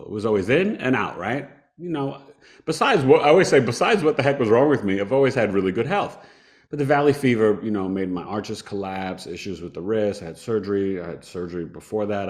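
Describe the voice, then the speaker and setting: A man in his fifties, appearing as a podcast guest, tells a personal story with a lowish voice. He's conversational and animated, laughing every so often.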